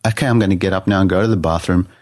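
Low-voiced man telling his story. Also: steady tone, very fast, a little mellow, no room sound, clean studio sound. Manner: earnest storyteller with frequent restarts. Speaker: guest artist. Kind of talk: personal testimony in a podcast interview.

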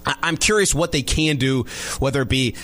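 A man's voice: mid-range voice, fairly quick, a bit bright. Rambling male sports radio host. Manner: rambling, repeats and restarts phrases. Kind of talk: casual sports talk radio.

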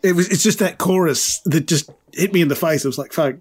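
A man's voice: fairly high pitch, husky. Sweary British man with Kiwi-tinged vowels. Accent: British with slight New Zealand vowels. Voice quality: sweary, quick banter. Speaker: podcast co-host. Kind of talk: casual chat.

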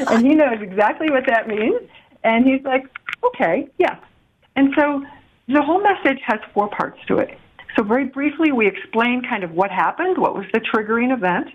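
Middle-aged woman on a tinny phone line. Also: fairly high pitch. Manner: warm, explanatory, laughs while giving examples. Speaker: guest relationship coach. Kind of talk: explanatory podcast chat.

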